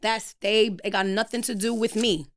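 A woman's voice: mid-range voice, steady tone, normal speed. A young woman talking bluntly and emphatically as a podcast guest, ranting in a preachy way in casual chat.

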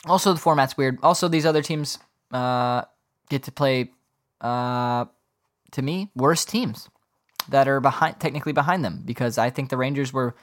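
A man hosting a solo podcast, rambling in an animated, casual way with frequent swearing. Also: medium pitch, normal speed, no echo. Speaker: podcast host.

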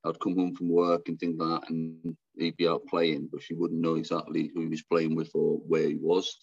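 Deep-voiced man, halting and frank. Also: completely flat delivery, creaky, darkish tone, highs cut off. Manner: halting, restarts often, speaks frankly. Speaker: guest telling his story. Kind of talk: candid personal storytelling.

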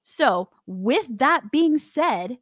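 A woman's voice: high voice, sing-song, very slow, no room sound, clean studio sound. Chatty woman podcast co-host. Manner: conversational, searching for words, some restarts. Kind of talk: casual sports talk.

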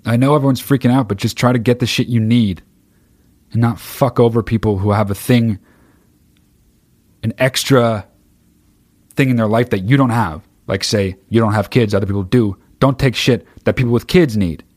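A man ranting on a livestream, heated and swearing constantly, with sudden bursts of shouting as he reads through chat. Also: medium pitch, normal speed, dry recording, clean studio sound. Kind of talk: profane livestream rant.

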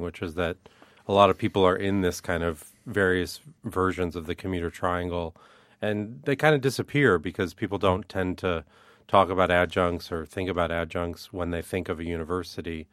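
A man's voice: sits low, brisk, fairly bright tone, no echo. A man being interviewed in a radio studio as a guest, an art professor explaining things earnestly with some fillers.

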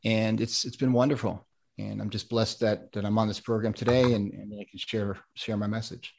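A man's voice: on the low side, little pitch movement, moderate pace, vocal fry. An American man, an ADHD coach, talking in a casual podcast interview, rambling with many restarts and plenty of enthusiasm. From United States.

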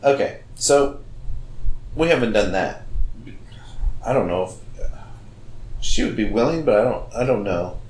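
A man's voice: fairly low pitch, unhurried, pauses often. Jokey crude guy cohosting a podcast, voice bounces all over, echoey room with some hiss. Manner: lively, joking and crude. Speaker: podcast co-host. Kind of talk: casual podcast chat. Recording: roomy echo with faint noise.

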